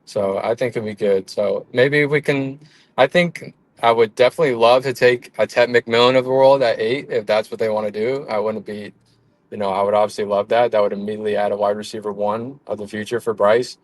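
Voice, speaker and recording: Casual low-voiced man on sports talk. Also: steady tone, fairly quick, no room sound, poor audio. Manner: casual, many "like" fillers. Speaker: guest.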